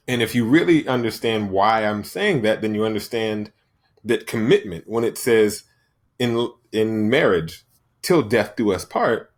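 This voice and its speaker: Emphatic low-voiced man, motivational host. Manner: emphatic, repeats "right?" often. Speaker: podcast host. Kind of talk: motivational monologue.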